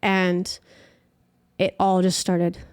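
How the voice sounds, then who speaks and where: A woman's voice: lowish voice, completely flat delivery, drawn-out words, a little mellow, clean tone. A young woman, a podcast guest, chatting through a personal story and peppering it with "like". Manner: chatty, heavy use of filler "like".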